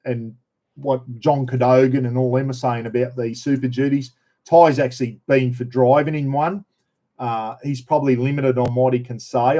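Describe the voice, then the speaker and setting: A man's voice: mid-range voice, mellow. A middle-aged Australian man chatting casually on a live stream, telling rambling stories with many restarts. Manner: rambling, anecdotal, frequent restarts.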